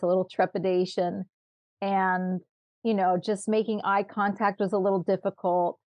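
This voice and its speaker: A woman guest in a casual interview, speaking in a measured, thoughtful way with pauses. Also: mid-range voice, mellow, no room sound. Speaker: guest, retreat attendee.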